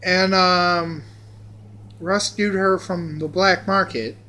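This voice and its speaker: A man's voice: high voice, fairly even intonation, slow pace, sharp tone. A man telling a rambling personal story, profane and stammering, with many restarts. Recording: echoey room with faint hum.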